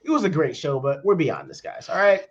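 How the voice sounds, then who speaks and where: A man with a slightly high-pitched voice rants through a casual comics chat. He is animated, leans on slang and keeps a loose, joking delivery as co-host. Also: brisk, creaky, highs cut off. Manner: animated, ranting, slangy, says bro a lot. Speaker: podcast co-host.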